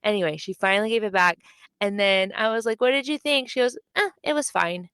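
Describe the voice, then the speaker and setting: A young adult woman co-hosting a casual book podcast, telling stories with lively acted-out quotes. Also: fast talker, smooth, no echo. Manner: animated storytelling, acts out quotes with big pitch jumps. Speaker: podcast co-host. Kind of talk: casual chat.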